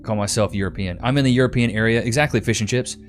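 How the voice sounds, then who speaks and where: A man's voice: on the low side, quick pace, faint music behind. Playful young man hosting a live stream. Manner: playful, teasing banter with chat. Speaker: livestream host. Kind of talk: casual live-stream chat reading comments.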